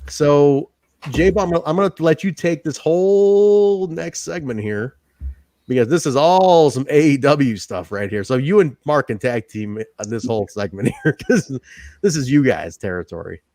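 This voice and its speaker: An animated, excitable man co-hosting a wrestling review chat. He rants with wide swings in his voice and swears freely, and his fairly high voice sits close and dry with no room around it. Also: normal speed, no room sound. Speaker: podcast co-host.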